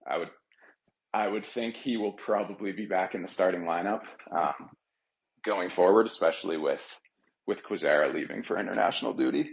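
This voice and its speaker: Deep-voiced man calling in to a podcast. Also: normal speed, creaky, rough recording. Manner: earnest, a bit rambling, many fillers. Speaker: caller, regular contributor. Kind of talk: casual call-in chat.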